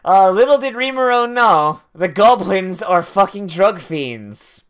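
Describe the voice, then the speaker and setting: Brief: male anime reactor, foul-mouthed and sarcastic, pitch jumping all over. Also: lively intonation, measured pace, a bit bright, smooth. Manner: sarcastic, swearing, mock-angry. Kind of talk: profane watch-along commentary.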